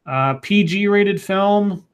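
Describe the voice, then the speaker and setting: A man's voice: high voice, smooth. Stammering man reading chat comments. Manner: stammering restarts, halting and rambling. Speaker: co-host. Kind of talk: casual livestream chat reading viewer comments.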